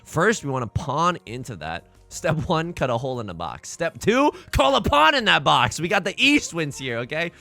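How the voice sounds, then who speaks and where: A young man giving casual, self-mocking commentary over a mahjong game, jokey and animated. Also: on the high side, normal speed, vocal fry, few pauses, soft background music. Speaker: mahjong streamer. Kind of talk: casual let's-play commentary.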